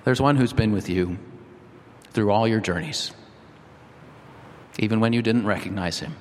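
Preacher in an echoing hall. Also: male voice, lowish voice, normal speed. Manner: earnest, rhythmic repetition. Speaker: pastor. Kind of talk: sermon with story reading. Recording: long hall reverb.

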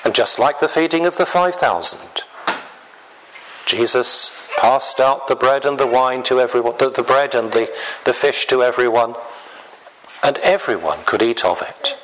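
A man preaching a sermon in a slow, deliberate way, often clearing his throat. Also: medium pitch, animated, fairly bright tone, a little hiss or hum, low-quality recording.

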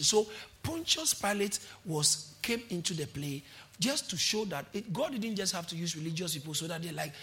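A male pastor preaching a sermon, impassioned and often shouting, with call-and-response to the church. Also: high voice. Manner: quotes verses then explains them.

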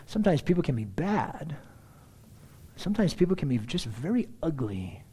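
A middle-aged man preaching a sermon with a slightly high voice that swings widely in pitch. He tells everyday stories in a loose, chatty way, with asides to the congregation and frequent throat-clearing. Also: sing-song, moderate pace, dark tone. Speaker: pastor.

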